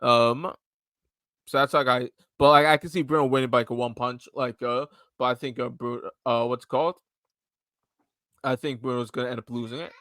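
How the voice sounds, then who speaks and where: Bright-voiced young man rambling with fillers. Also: medium pitch, steady tone, moderate pace, no room sound. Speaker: podcast co-host. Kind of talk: casual sports chat.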